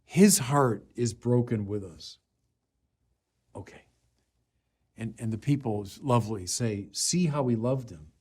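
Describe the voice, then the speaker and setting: A middle-aged man preaching a sermon, slow and deliberate, building to emphatic declarations. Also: medium pitch, darkish tone, slightly rough.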